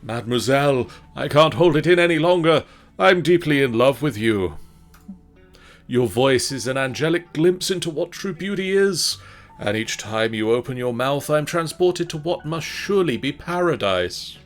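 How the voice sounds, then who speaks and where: A man's voice: medium pitch, lively intonation, moderate pace, faint music behind, voice pushed up, natural voice. A man doing a lovesick gloomy organist. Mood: adoring. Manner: flowery and adoring.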